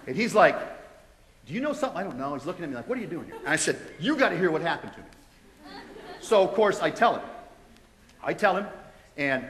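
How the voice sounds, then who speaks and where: An American man giving a testimony to a live audience, telling his story in a lively, conversational way with quoted dialogue. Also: fairly high pitch. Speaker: guest speaker giving testimony. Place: large college hall. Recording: echoey hall with long reverb.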